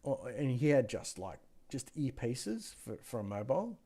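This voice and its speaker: Gravelly man chatting casually. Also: medium pitch, sing-song, moderate pace, mellow. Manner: chatty, loose, trails off mid-sentence, mutters while browsing. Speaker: co-host of a PC deals show. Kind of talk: casual rambling chat with anecdotes. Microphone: gaming headset mic.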